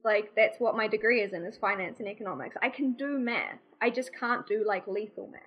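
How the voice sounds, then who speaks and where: Here the same New Zealand guest streamer speaks briskly, her mid-range voice husky through a muffled recording. Chatting loosely on the podcast, she keeps running herself down and scattering "like" everywhere.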